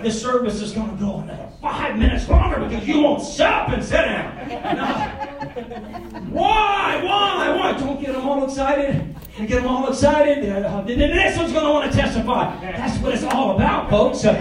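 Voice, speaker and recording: High-voiced older preacher in an echoing church. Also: male voice, animated, moderate pace, a crowd in the background. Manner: fervent preaching, swinging between shouts and low asides. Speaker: pastor. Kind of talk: sermon. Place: church sanctuary. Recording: echoey church, heard from a distance, congregation audible. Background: congregation calling out responses.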